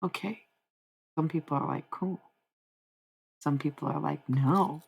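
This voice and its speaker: This is a young woman's low, husky voice with vocal fry, at a moderate pace on a low-quality recording. During a casual livestream she talks to her chat, rambling and easily sidetracked as she drifts from one point to another.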